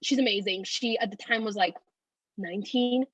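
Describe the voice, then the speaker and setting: A woman's voice: medium pitch, moderate pace, husky, no room sound, low-quality recording. A woman in her twenties, teary and rambling, telling a personal story with many "like"s. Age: 20s. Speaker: guest.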